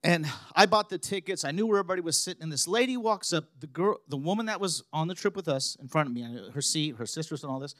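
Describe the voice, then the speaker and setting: A man preaching a sermon, telling stories and building to loud, emphatic passages. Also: fairly high pitch, quick pace, hardly any pauses, dry recording, clean studio sound.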